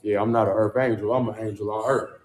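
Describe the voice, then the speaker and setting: A man's voice: lowish voice, steady tone, quick pace, darkish tone, reverberant. A man hosting a casual livestream monologue, rambling in slangy, profane street talk and repeating the same refrain words again and again. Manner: rambling, repeats "Charles" and "chosen one" as a refrain. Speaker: livestream host. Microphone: phone.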